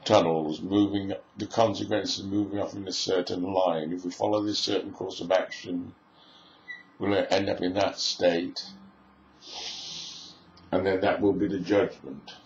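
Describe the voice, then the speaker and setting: A low, gravelly male voice delivers a lecture at an unhurried, musing pace, stringing together long lists of phrases. The recording is roomy and a little dull and lo-fi, with a faint hiss underneath. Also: level tone. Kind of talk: spoken lecture. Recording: echoey room, dull lo-fi sound.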